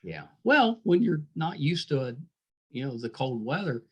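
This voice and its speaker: A man's voice: fairly high pitch, very animated, normal speed, breathy edge, muffled recording. A middle-aged man hosting a podcast interview, easygoing and jokey in casual chat. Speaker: podcast host.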